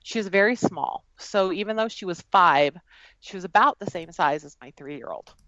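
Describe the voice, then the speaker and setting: Low-voiced woman telling a personal story. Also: expressive, fairly bright tone, dry recording, lo-fi sound. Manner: earnest, halting, with frequent fillers. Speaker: guest. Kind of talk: personal storytelling in a podcast conversation.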